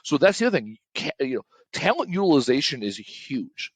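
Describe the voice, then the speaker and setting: A man's voice: medium pitch, big pitch swings, brisk, husky, no room sound. A man talking casually as a podcast guest, blunt and emphatic, swearing and tagging lines with "right?".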